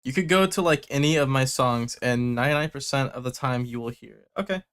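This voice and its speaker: A young music producer hosts a livestream, giving blunt feedback on submitted tracks with casual joking and swearing. His voice is medium-pitched, brisk, a bit bright and smooth.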